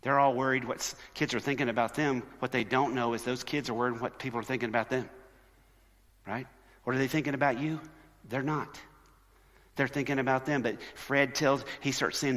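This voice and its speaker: A man giving a conversational, sermon-style conference talk, animated and lively, often acting out quoted voices. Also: mid-range voice, fairly quick. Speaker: conference speaker. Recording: long hall reverb.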